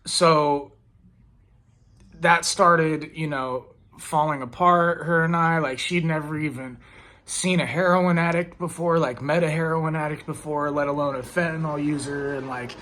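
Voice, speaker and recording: A man's voice: fairly high pitch, steady tone, measured pace, fairly bright tone. A young man casually telling a personal story about addiction and a breakup, rambling with lots of fillers and tag questions. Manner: rambling, filler-heavy, frequent "like" and "right?".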